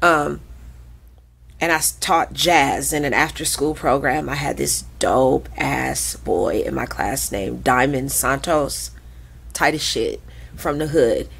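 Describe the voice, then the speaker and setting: A woman in her forties, a podcast guest who tells stories in a lively, profane way and acts out the voices of people she quotes. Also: extremely low pitch, slow, creaky, breathy edge. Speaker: podcast guest, krump dancer. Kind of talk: animated storytelling in conversation.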